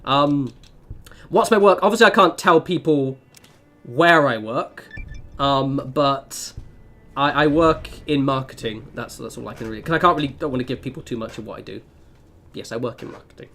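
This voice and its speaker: A man's voice: medium pitch, normal speed, sharp tone, soft background music. A young man chatting casually while playing a game on stream, rambling with lots of fillers and self-deprecating asides. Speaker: gaming streamer.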